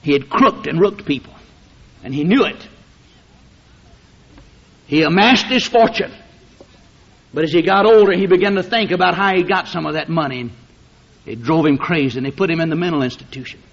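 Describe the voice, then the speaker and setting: A man preaching a fiery sermon, swinging from hushed tones to shouting and drawing out words for emphasis. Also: on the high side, normal speed, gravelly, long pauses. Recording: dull lo-fi sermon recording.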